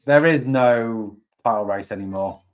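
Guy on a fan livestream, fuming and gutted, says everything twice and swears loads, normal pitch. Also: a little slow. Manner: angry, repetitive, swearing, deflated. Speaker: fan channel host. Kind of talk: live match reaction stream.

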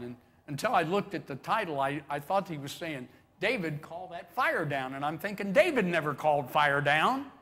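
A man's voice: a little high, fairly bright tone, in a large hall. A man preaching a sermon as pastor, folksy and joking, building to swelling emphasis on key phrases. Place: church sanctuary.

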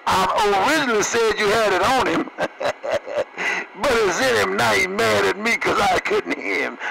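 A man's voice: high voice, moderate pace, gravelly, a crowd in the background. A man trading jokes over CB radio, using radio lingo and laughing between lines. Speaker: CB radio operator. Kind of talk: CB radio banter. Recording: noisy CB radio transmission.

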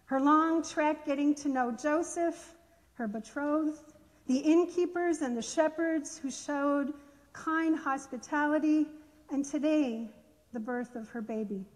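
A woman gently and expressively reading a children's story aloud in a church worship service. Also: sits high, takes it slowly, long reverb tail.

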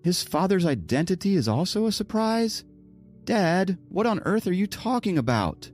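A man putting on a young woman's voice for an audiobook: high, strained and climbing as her hopes rise. She is anxious and excitable, pleading and shouting, with a soft spread of music underneath. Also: moderate pace, lightly acted. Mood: anxious, excited.

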